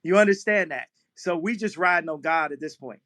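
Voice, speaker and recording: A man talking casually in a live online audio room, rambling through quick tangents and often breaking into laughter. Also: fairly high pitch, bright, forceful tone. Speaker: guest speaker. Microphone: phone in an online audio chat room.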